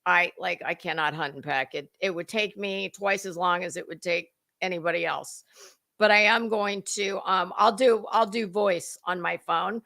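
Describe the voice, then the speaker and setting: Middle-aged lady rambling on a livestream, gravelly and bright, dry cough. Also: on the low side, moderate pace. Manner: chatty, rambling, greets viewers by name. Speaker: livestream host. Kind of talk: casual chat.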